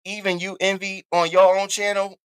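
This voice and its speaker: A man hosting a casual live commentary stream, talking in an animated, sassy and profane way, repeating catchphrases and swinging his voice up high for emphasis. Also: moderate pace, clean tone. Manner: animated, sassy and profane, with big swoops in pitch. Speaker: livestream host.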